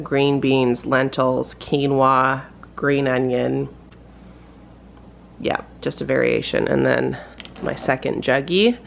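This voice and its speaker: Chatty low-voiced woman vlogging at home. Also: creaky, slight background noise, low-quality recording. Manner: chatty and excited, talks straight to viewers. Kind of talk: casual vlog talk to camera. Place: at home indoors.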